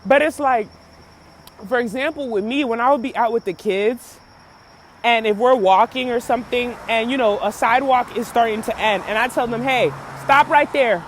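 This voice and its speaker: A woman's voice: on the high side, normal speed, a little hiss or hum. A woman hosting a podcast who gives blunt, profane, emphatic commentary. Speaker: podcast host. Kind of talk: animated commentary.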